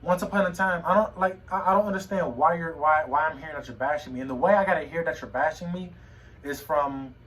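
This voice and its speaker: A young man talking to a phone camera at home in a personal vlog, emotional and halting, often repeating his words. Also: on the high side, a bit bright, distant mic, low-quality recording. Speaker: vlogger. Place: home room.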